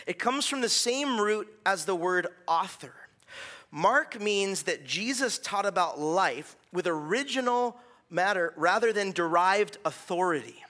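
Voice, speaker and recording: Bright, high-voiced male pastor preaching. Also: animated, a little slow. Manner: conversational preaching with restarts and "right?" asides. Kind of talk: sermon.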